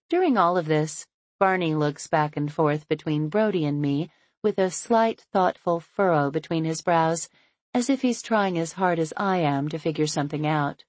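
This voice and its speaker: Woman, audiobook narrator, first-person novel, lowish voice, very dry close sound. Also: moderate pace, no echo.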